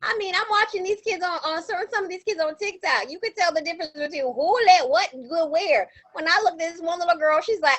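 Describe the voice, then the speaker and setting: A young adult woman co-hosting a podcast, telling stories in a casual, animated way with slangy, emphatic repetition. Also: extremely high pitch, quick pace, hardly any pauses, rough recording. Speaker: podcast co-host. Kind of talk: casual chat.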